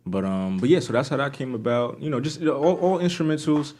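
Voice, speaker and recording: Animated New York man telling stories. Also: quick pace. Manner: animated, acts out quoted voices with big pitch jumps. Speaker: podcast guest, music producer and DJ. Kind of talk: casual storytelling chat.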